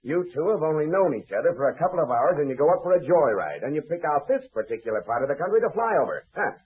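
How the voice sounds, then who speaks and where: A man's voice: a little high, big pitch swings, fast, slightly rough. An actor playing a stern, suspicious male government air inspector, curt and interrogating, in 1940s radio acting from a tinny, muffled old recording.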